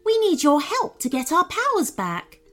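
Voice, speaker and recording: A woman voicing a kind female unicorn who pleads gently and earnestly for help. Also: extremely high pitch, wildly swooping pitch, moderate pace, faint music behind, voice pushed up, heavily acted. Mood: pleading.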